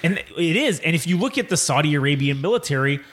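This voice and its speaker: A man's voice: a little high, animated, fast, fairly bright tone. A man co-hosting a podcast, chatting casually in an emphatic, profane, riffing way. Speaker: podcast co-host. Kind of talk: casual chat.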